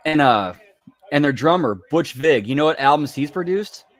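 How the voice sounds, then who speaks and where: A man co-hosting a casual wrestling watch-along stream chats about music and gives short, offhand answers. His voice is a little high, with lively intonation and a moderate pace.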